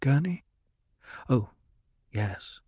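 A man reading a composed noble mother figure, speaking gently and soothingly in a raised voice. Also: mid-range voice, animated, drawn-out words, breathy edge, dry recording, studio quality, exaggerated voice. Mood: distracted.

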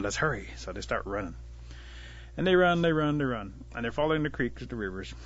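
A man's voice: medium pitch, lively intonation, fairly bright tone, dull audio. Man telling an animal folktale. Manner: unhurried folksy telling, voices the animals lightly. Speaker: storyteller. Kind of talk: oral storytelling of a traditional tale.

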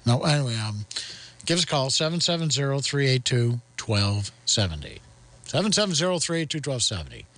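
A man's voice: medium pitch, a little fast. A man hosting a radio talk show, bantering and joking with theatrical outbursts. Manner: excitable, jokey, theatrical outbursts.

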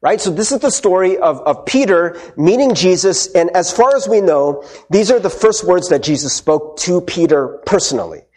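A man's voice: sits high, lively intonation, normal speed, few pauses, darkish tone. A male pastor preaching a casual, conversational sermon. He tags his points with "right?" and acts out the quotes he retells. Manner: tags many sentences with "right?"; acts out quoted speech in character.

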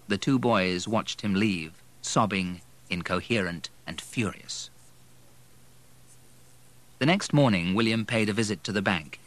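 Male audiobook narrator, bright tone, lowish pitch, measured.

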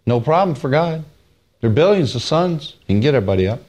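A male preacher delivers a plainspoken, folksy sermon on Scripture. He leans hard on key phrases, drawing them out slowly. Between those raised, high-pitched stresses he drops into quiet, low asides. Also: sing-song. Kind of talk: folksy Bible-teaching sermon.

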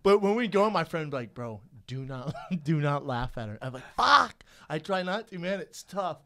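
A man in relaxed conversation who keeps cracking himself up. His voice sits a little high, and laughter breaks through his anecdotes. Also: brisk. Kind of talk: casual chat.

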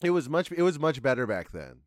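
A middle-aged man co-hosting a podcast, telling a story in a rambling, halting way. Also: medium pitch, very animated, no room sound, studio quality. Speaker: podcast co-host. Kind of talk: casual podcast chat.

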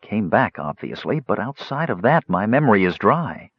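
A man's voice: on the low side, very animated, normal speed, husky, no room sound, highs cut off, exaggerated voice. A man voicing a tough, short-tempered young woman warrior who speaks curtly. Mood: blunt. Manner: curt, snappish.

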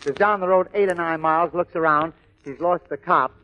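Brief: man, comedian, clipped joke-telling monologue, high voice, lo-fi old radio sound. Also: a little fast. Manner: punchy storytelling in short clipped beats. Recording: lo-fi old radio recording, faint hiss.

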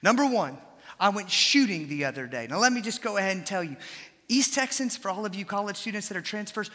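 Young man, preacher, sermon, lively folksy storytelling, high bright voice, long hall reverb. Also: fast talker. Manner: animated storytelling, folksy asides.

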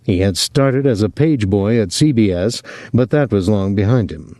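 A man narrating a novel as an audiobook in a measured, expressive storytelling voice, on a close microphone. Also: lowish voice, no room sound. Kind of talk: scripted narration.

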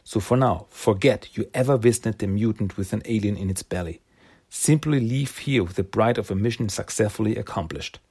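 Dude doing a grand gloating comic villain, all courtly and pleased with himself, soft husky voice. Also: male voice, fairly low pitch, normal speed. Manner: grand, relishing, mock-courtly. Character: theatrical male villain who savors chaos.

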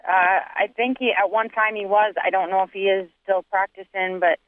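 A woman calling in to a radio show, speaking hesitantly with many pauses and restarts. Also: mid-range voice, fairly even intonation, no echo. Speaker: caller. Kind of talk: phone-in conversation. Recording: tinny phone line.

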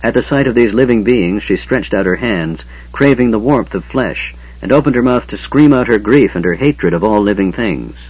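A man narrating a fantasy story in a measured storytelling manner. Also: lowish voice, animated, a little mellow, husky. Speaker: audiobook narrator. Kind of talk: scripted narration. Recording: dull lo-fi audiobook recording.

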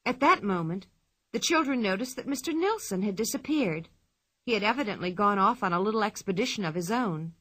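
A woman narrating a children's storybook with expressive telling. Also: medium pitch. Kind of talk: storybook reading.

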